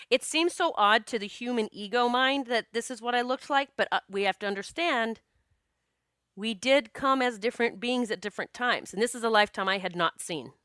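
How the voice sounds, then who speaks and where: A woman podcast host and psychic medium telling a personal story in a casual, animated, earnest way, with many restarts and quoted self-talk. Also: a little high, clean tone, no echo, clean studio sound. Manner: spiritual, earnest.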